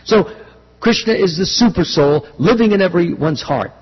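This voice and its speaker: A man preaching a sermon on scripture in an earnest way, pausing, restarting and often clearing his throat. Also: sits high, expressive. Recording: dull lo-fi sound with long hall reverb.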